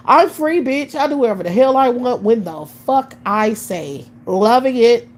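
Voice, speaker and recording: A woman's voice: fairly high pitch, expressive, measured pace, a little hiss or hum, rough recording. A woman in her late thirties ranting bluntly on a live stream, scornful and swearing constantly. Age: 30s. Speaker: livestream host. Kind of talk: profane live-stream rant.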